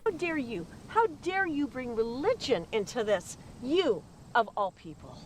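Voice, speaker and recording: A woman's voice: on the high side, very animated, unhurried, slight background noise. An actress playing a grieving mother in the afterlife who speaks with emotional, pleading defiance in a film drama. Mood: indignant.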